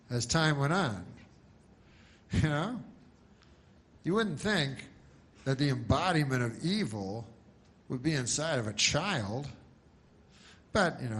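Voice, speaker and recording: Rambling deadpan male comedian. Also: medium pitch, a little hiss or hum. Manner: meandering, halting, full of fillers and dry asides. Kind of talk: rambling deadpan stand-up storytelling.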